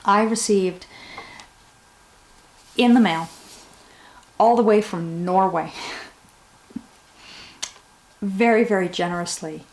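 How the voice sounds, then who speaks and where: A woman's voice: fairly low pitch, steady tone, slow pace, long pauses, echoey room. A woman hosting a knitting podcast, talking casually and rambling a little, with a heartfelt, grateful manner. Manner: warm, rambling, gets emotional thanking viewers. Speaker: podcast host.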